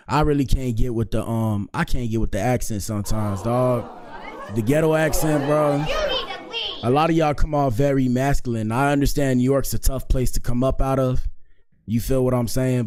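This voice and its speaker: A man's voice: mid-range voice, moderate pace, darkish tone. A man hosting a casual live-stream commentary show, talking loosely and slangily and peppering his lines with "bro" and "dog". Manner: laid-back, slangy, keeps saying "bro" and "dog".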